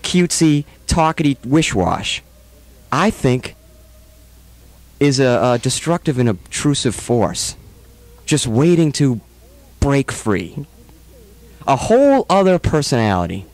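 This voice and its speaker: A man hosting a radio talk show, rambling in a theatrical, mock-serious way that swings between loud and low. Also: very animated, takes it slowly, long pauses. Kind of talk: rambling comedic radio banter.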